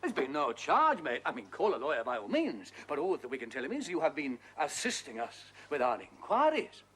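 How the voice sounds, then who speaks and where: A man's voice: on the high side, wildly swooping pitch, fairly quick, fairly bright tone, husky, exaggerated voice. An actor playing a sly male detective who mocks a suspect with chuckles and needling questions. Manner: taunting, sing-song, chuckling between questions. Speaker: police detective. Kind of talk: broadcast drama acting.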